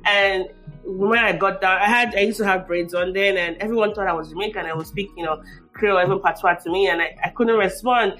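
A woman's voice: mid-range voice, steady tone, fairly quick, a bit bright. Woman host, long meandering questions, faint music bed. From Nigeria. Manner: rambling, many asides and restarts. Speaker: podcast host.

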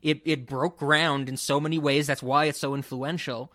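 A man co-hosting a casual movie podcast, enthusiastic and quick to laugh. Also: a little high, steady tone, sharp tone, dry recording, clean studio sound. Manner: giggly, enthusiastic. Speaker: podcast co-host.

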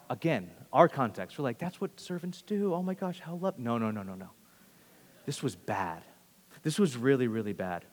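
A man preaching a sermon, telling the story with animated quoted voices and swinging from loud to hushed. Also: medium pitch, in a large hall.

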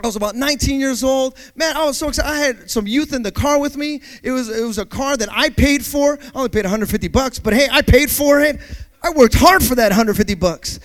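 A man's voice: extremely high pitch, a little fast. A man preaching a sermon and telling a personal story, speaking directly to his congregation with dramatic delivery and playful sound effects.

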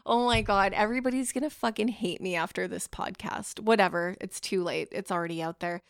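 A woman's voice: medium pitch, fairly quick, vocal fry, clear, resonant tone, no echo, studio quality. A Canadian woman in her thirties, hosting a podcast and telling stories in a rambling, profane, self-mocking way. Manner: chatty, rambling, profane, laughs at herself. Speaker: podcast host. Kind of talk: casual storytelling monologue.

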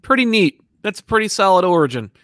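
A man's voice: high voice, sing-song, quick pace, a bit bright, dry recording, clean studio sound. A man co-hosting a podcast, chatting casually and rambling, and reading out listener comments. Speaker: podcast co-host. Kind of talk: casual chat.

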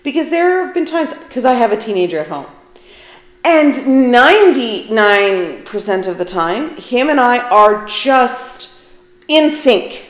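A woman's voice: on the high side, sing-song, slow. A middle-aged woman hosting her own podcast, talking casually and candidly with a self-deprecating streak. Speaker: podcast host. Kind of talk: casual solo podcast talk. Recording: echoey room.

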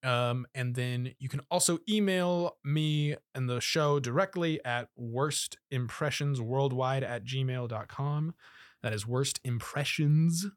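A man's voice: mid-range voice, takes it slowly, dry recording, clean studio sound. A man hosting a casual podcast, rambling through plugs with many fillers. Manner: rambling, lots of fillers and laughs. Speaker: podcast host.

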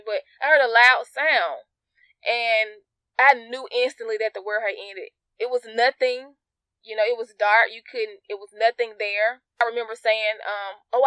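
An earnest woman giving an informal devotional teaching to her listeners, talking to them directly and repeating key phrases for emphasis. Her voice sits a little high. The recording is dry and close, with no room sound. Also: fairly bright tone, clear, resonant tone, no echo. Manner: addresses listeners directly as you guys. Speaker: Bible teacher.

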